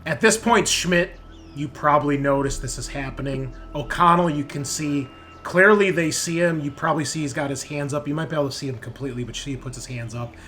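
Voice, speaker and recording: A man's voice: a little high, fairly quick, pushed and bright. A man running a tabletop game as game master, describing the scene to players in a loose, rambling way. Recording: tense background music.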